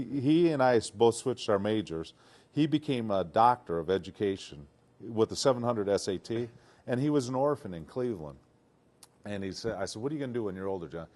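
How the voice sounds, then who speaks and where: Deep-voiced older man telling stories. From Detroit. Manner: animated, acts out quotes, laughs often. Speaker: retired football player, guest. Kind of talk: casual storytelling interview.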